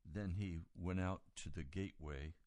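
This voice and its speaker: Low-voiced male preacher, dry sound. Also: steady tone, unhurried, no room sound. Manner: builds from quiet reading to loud, high-pitched emphasis. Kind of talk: sermon retelling scripture.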